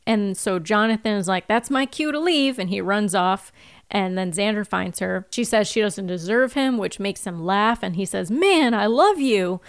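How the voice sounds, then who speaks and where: A woman's voice: medium pitch, moderate pace, clean tone, no room sound, clean studio sound. Giggly woman recapping an episode. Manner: laughs often, acts out quotes in small voices. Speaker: podcast co-host. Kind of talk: casual chat recapping a TV episode.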